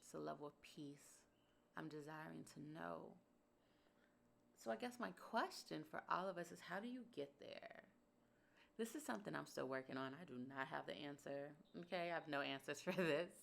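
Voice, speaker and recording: A woman's voice: deep voice, vocal fry, slight background noise. A woman hosting a podcast, talking through a personal reflection in an earnest, emphatic way and repeating phrases for stress. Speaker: podcast host.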